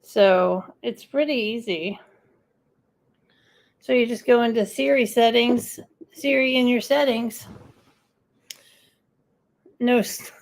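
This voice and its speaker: Slow, gravelly-voiced woman chatting casually. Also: on the high side. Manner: rambling, chatty, answers viewer comments. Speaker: livestream host. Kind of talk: casual live-stream chat.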